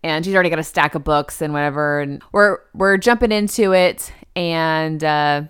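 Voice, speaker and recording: A woman co-hosting a podcast in casual chat, retelling a TV episode in an animated way and acting out the characters' lines. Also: deep voice, moderate pace, smooth. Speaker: podcast co-host.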